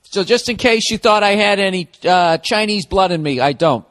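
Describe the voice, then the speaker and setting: A middle-aged man hosting his own podcast, talking in a casual solo monologue full of profane, animated ranting. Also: high voice, normal speed. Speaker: podcast host.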